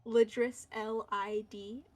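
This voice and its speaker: A woman's voice: on the high side, level tone, slow, a little mellow. A woman running a tabletop game as game master, explaining lore hesitantly with many fillers.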